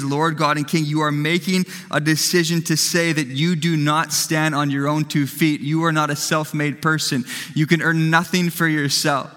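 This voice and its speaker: A man delivers an emphatic sermon in a high, bright voice. He hammers points home by repeating phrases. The sound carries a long reverb from a large church hall. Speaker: pastor.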